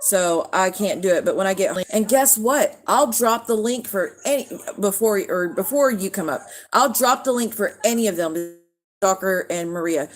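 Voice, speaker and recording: A woman's voice: medium pitch, animated, normal speed. Heated woman ranting on a livestream. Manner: heated, swearing, talks to viewers by name. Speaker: livestream host. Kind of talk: casual livestream rant.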